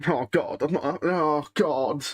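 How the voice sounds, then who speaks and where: A man's voice: on the high side, slow pace, husky. A young man hosting a live watch-along, chatting casually to his viewers, restless and emotional, often sighing and muttering to himself. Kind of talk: casual live-stream chat, reading and answering chat.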